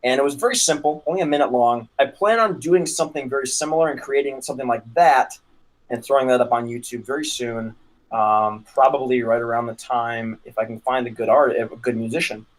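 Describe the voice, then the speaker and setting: A man's voice: mid-range voice, fairly quick, rough recording. A man who is a manga creator guest on a podcast, chatting casually and enthusiastically with frequent laughs. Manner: enthusiastic, laughs often, many fillers. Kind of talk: casual chat.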